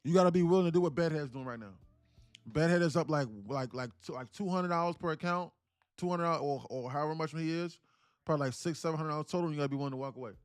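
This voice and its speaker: A man's voice: on the high side, quick pace, clean tone, dry recording, studio quality, faint music behind. Profane New York man hosting a trading stream. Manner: loose, profane street slang, repeats phrases in chant-like runs. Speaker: day-trading livestream host. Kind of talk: casual live-stream commentary.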